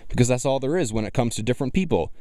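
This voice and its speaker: A man's voice: medium pitch, lively intonation, rapid-fire, warm tone, no room sound, studio quality. A man giving mocking, argumentative reaction commentary on video clips. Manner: scornful, argumentative.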